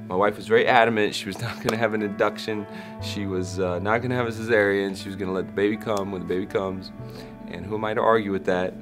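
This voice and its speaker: A man in his thirties, a Christian hip hop artist, telling a personal story in an interview with animated shifts as he acts out what people said. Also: on the low side. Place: backstage at a concert.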